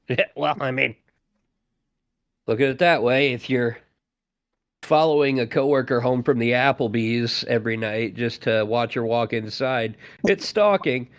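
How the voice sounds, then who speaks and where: A man's voice: mid-range voice, unhurried. A man hosting a podcast, chatting casually and riffing sarcastically. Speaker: podcast host. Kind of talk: casual chat.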